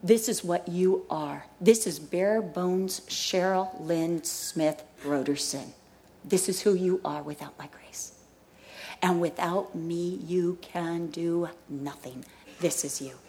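A woman giving a hushed, grave divine voice. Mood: solemn. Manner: slow, low and hushed, partly whispered.

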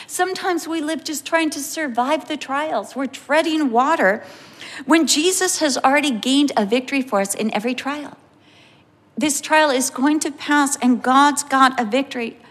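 Woman preacher, middle-aged, animated storyteller; high voice, reverberant hall. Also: moderate pace. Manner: animated storytelling, acting out quotes. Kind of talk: sermon with personal story.

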